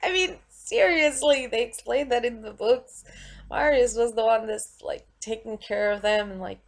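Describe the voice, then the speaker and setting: A woman's voice: a little high, moderate pace. A woman vlogger at home, ranting in an exasperated, emphatic way and swearing freely.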